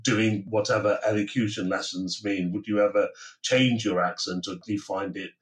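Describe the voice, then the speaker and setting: A middle-aged podcast host with a faint Manchester accent and a fairly low voice. He talks in a chatty, conversational way and asks long, rambling questions. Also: fairly even intonation, moderate pace, low-quality recording. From Manchester, England.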